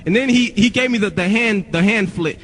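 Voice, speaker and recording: A man's voice: high voice, fairly quick, fairly bright tone, slightly rough, soft background music. Profane young man telling stories, reverb. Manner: profane, rambling with many restarts. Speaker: rapper. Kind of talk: casual storytelling to friends.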